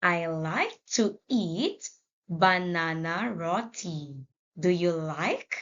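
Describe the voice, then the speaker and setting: A woman teacher giving a children's English lesson, prompting read-alongs in a slow, deliberate way. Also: fairly low pitch, very animated, dull audio.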